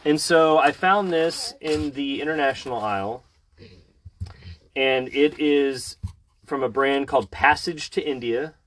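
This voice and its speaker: A man's voice: mid-range voice, measured pace, fairly bright tone. A man hosting a casual podcast, teasing and wry as he chats. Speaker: podcast host. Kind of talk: casual chat. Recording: faint background hiss.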